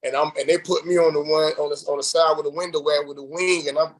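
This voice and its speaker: A man's voice: fairly high pitch, fast talker, low-quality recording. A man, a reality show contestant, telling his story in a loose, rambling casual interview, acting out the voices of people he quotes. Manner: animated, acts out quoted voices; loose and rambling with many fillers.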